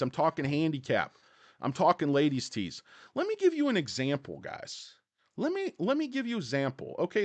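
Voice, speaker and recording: A man's voice: fairly high pitch, no room sound. A man ranting casually about stocks on a livestream, sarcastic and swearing, often sidetracked into jokes. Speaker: stock market commentator.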